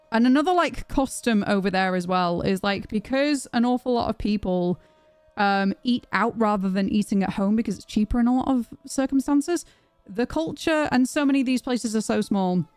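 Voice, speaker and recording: A young British woman streaming, telling a story to her chat in a chatty, animated way with plenty of restarts. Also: medium pitch, no room sound. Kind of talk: casual storytelling to a live chat.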